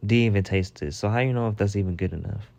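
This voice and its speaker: A man's voice: fast, creaky, a little mellow. A man telling a gossipy work story in a casual monologue, acting out other people's lines. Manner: chatty, gossipy, acts out quotes with rising pitch. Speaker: storytelling vlogger.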